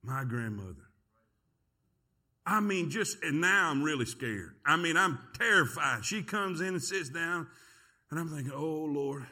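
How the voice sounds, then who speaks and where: A middle-aged man preaches from a church sanctuary, his fairly high voice unhurried. As pastor, he tells a folksy story with animation and calls out to the congregation.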